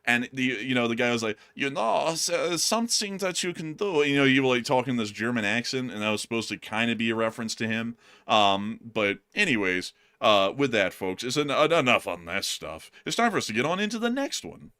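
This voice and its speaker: A man's voice: mid-range voice, expressive, brisk, pushed and bright, clean tone. Rambling male live-stream host. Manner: rambling, repeats words, many fillers. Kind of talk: live-stream news commentary and viewer shout-outs.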